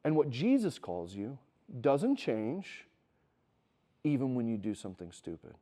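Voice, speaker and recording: A man's voice: medium pitch, measured pace. A middle-aged man giving a conversational sermon to students, telling stories and acting out quoted dialogue. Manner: conversational, acts out quoted dialogue, builds to animated emphasis. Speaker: speaker at a Christian wilderness school. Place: teaching room with students.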